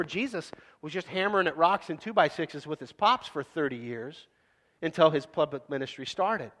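A man preaching a sermon in a casual, animated way, acting out scenes. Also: a little high, in a large hall. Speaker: pastor.

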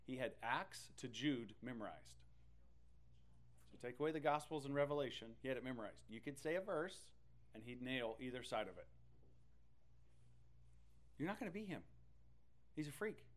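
A man preaching a sermon in an animated, conversational way, with loud bursts and playful asides. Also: mid-range voice, brisk, pauses often. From Texas. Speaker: pastor.

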